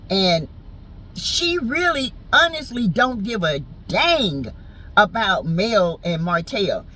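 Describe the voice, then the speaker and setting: A woman with a Southern US accent recaps a reality show in casual, sassy, teasing slang, speaking as a TV show reviewer. Her mid-range voice is a bit bright, and the low-quality recording carries slight background noise.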